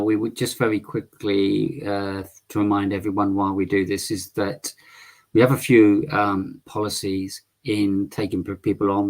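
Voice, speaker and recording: A man's voice: on the low side, darkish tone. A man hosting a live call-in stream, polite and firm, with a lot of hesitant ums. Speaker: livestream host.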